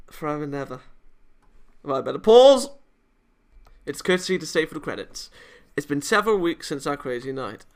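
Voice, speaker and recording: A man reads the narration of a visual novel for his channel, now and then breaking into excited asides. His voice is bright and forward, with a smooth, crisp clarity. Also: medium pitch. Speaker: gaming channel host. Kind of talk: reading a visual novel aloud.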